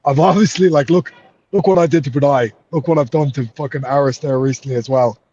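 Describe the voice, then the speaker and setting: An Irish man in an interview, talking in a heated, frustrated way and swearing freely. His voice sits a little high, and the recording sounds dull and lo-fi. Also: fast, warm tone. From Ireland. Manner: heated, swears a lot, says mate. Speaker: MMA fighter.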